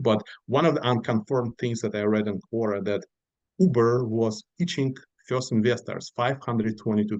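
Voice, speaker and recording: A middle-aged man with a Russian-speaking accent, from Uzbekistan, talks as a podcast guest, animated and full of fillers as he acts out the people in his stories. His voice sits at an ordinary pitch for a man, and the recording is dry and close. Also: no echo, poor audio. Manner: animated storyteller acting out quoted voices, many fillers. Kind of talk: casual storytelling interview.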